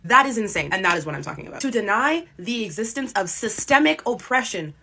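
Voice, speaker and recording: A woman's voice: a little high, big pitch swings, quick pace, bright, forceful tone, slight background noise. A young woman from Canada hosting an opinionated commentary rant, sassy and sarcastic, mocking others in quoted voices. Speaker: commentary vlogger.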